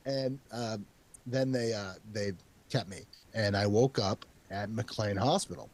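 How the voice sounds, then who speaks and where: A man hosting an interview podcast, telling a long personal story in a rambling, animated way, laughing and swearing as he goes. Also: lowish voice, a little slow. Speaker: podcast host. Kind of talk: casual interview chat.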